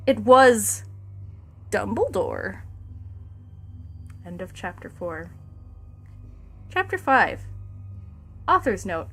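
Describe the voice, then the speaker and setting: A fairly high-voiced woman reads a fan story aloud on a live stream, dropping sarcastic and foul-mouthed remarks between passages. She talks into a desk mic, with soft music playing faintly underneath. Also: very animated, unhurried, pauses often. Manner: sarcastic, profane asides between read passages.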